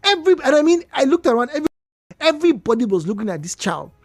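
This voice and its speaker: Nigerian woman, radio talk host, expressive storyteller, dry studio sound with faint music under. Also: high voice, fast talker, no echo. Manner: animated storyteller, emphatic repetitions. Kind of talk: radio call-in talk show. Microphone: studio microphone.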